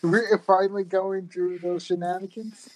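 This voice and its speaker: A reaction video host giving casual commentary, exclaiming and laughing with quick quips between scenes. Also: mid-range voice, steady tone, slight background noise, poor audio.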